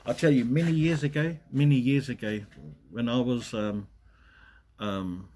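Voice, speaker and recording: This livestream host chats casually from his home in Western Australia, wandering between topics and calling out viewers by name. He speaks at medium pitch in a steady, warm tone, slightly on the slow side.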